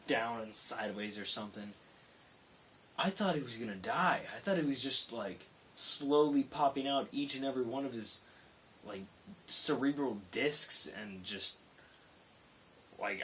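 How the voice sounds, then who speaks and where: In a late-night vlog, a young man tells a work story in a rambling, self-interrupting manner, punctuated by loud acted-out quotes. His voice sits in the mid-range. He's far from the mic and a bit off it, with faint hiss audible.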